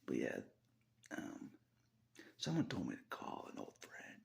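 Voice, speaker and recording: A man's voice: very deep voice, wildly swooping pitch, measured pace, creaky, a little mellow. A man talking to his viewers in a rambling personal monologue, laughing often and slipping into whispers.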